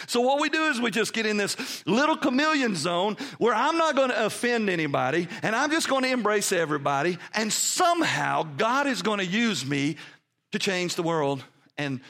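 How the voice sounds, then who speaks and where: High-voiced preaching man. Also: animated, fairly quick, fairly bright tone. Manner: preaching with emphatic, swinging pitch and volume. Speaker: pastor. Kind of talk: sermon.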